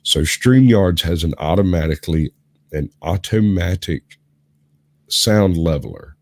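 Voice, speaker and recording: A sick man with a hoarse, gravelly voice, rambling and explaining in a casual chat as host of a live stream. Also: low-pitched, expressive, measured pace. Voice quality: rough, gravelly. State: hoarse from illness.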